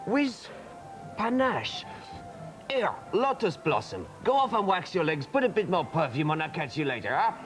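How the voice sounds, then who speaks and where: Pompous French Gaston. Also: male voice, high-pitched, sing-song, moderate pace, music in the background, poor audio. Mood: lecturing. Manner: theatrical, flowery. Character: pompous excitable French man. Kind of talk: 1990s children's TV sketch.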